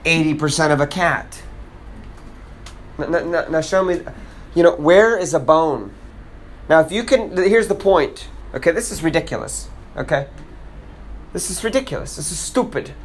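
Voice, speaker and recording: A man's voice: on the high side, moderate pace, long pauses, a little hiss or hum. Teasing man joking around with kids. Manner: teasing, sings snatches, repeats words for emphasis. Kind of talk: playful casual chat.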